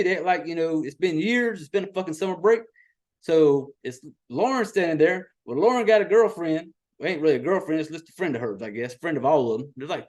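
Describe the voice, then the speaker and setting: A middle-aged man, exasperatedly recapping a movie in a profane, animated podcast rant. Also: on the high side. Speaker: podcast host.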